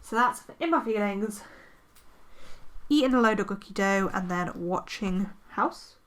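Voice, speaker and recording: A woman's voice: medium pitch, animated, a little slow. A woman chatting casually as she decorates her planner, rambling and poking fun at herself. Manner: chatty, self-deprecating, rambling with fillers. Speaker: planner vlogger. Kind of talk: casual chatty narration while crafting.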